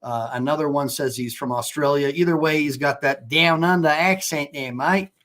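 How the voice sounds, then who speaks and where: A man's voice: on the high side, moderate pace, a bit bright. A man in his fifties from the United States, an attorney hosting a casual livestream, talking in a rambling way with many restarts.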